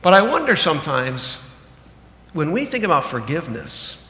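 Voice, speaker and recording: Animated pastor preaching in an echoey church. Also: male voice, a little hiss or hum. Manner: animated, swings between loud emphatic bursts and low slow asides. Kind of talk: sermon. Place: church sanctuary. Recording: echoey hall with long reverb.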